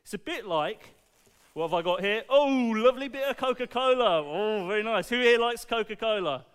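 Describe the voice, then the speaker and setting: Guy preaching to kids, high voice, super clear, playful and asking lots of questions. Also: normal speed. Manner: animated, playful, asks the audience questions. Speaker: preacher at a children's church talk. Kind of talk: lively sermon to children with object lessons.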